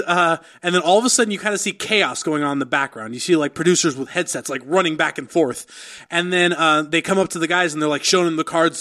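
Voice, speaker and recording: A man's voice: on the high side, fairly bright tone. A young man co-hosting a casual podcast chat, rambling through a story with lots of fillers and acted-out quotes. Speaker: podcast co-host.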